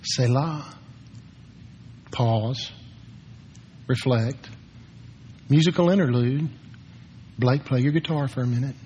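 An older man preaching a sermon as pastor, moving from hushed, slow words to shouted commands for quiet. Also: medium pitch, slight background noise. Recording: long hall reverb.

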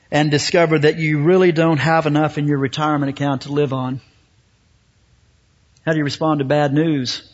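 A man preaching a sermon, telling a story slowly with dramatic pauses before turning to scripture. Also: on the high side. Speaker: pastor. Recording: dull lo-fi recording.

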